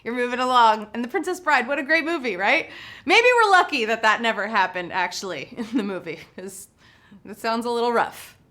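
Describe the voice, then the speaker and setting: A woman hosting a live trivia game show, playful and excitable, giggling between chatty asides. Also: on the high side, a little fast. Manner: upbeat and excitable.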